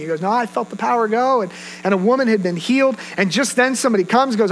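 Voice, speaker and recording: Brief: higher-pitched man, pastor, lively sermon storyteller, faint hum underneath. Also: quick pace, low-quality recording. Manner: animated storytelling, acts out quoted voices.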